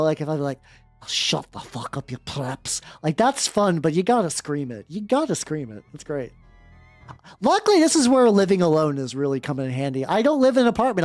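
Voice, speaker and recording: A woman's voice: medium pitch, a little mellow, no room sound. A woman streamer reading a story aloud in a rambling, giggly way, often cutting herself off. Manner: rambling, self-interrupting, giggly. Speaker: VTuber streamer. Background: faint background music.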